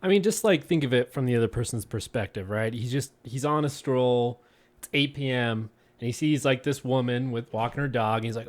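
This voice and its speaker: A man co-hosting a podcast, chatting casually and taking the other side in a relaxed way. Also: mid-range voice, a little fast. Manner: laid-back, argues the other side. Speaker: podcast co-host. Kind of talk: casual chat and reading stories aloud.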